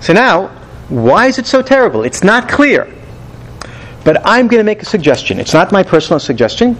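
High-voiced, animated Bible teacher, a man. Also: normal speed, poor audio. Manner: animated and rhetorical, asks and answers his own questions. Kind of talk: Bible study lesson.

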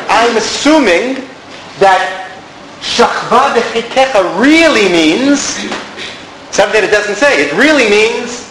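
A man's voice: high voice, a bit bright. A man teaching a Bible class, explaining step by step and putting questions to his students. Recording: echoey room, some background noise.

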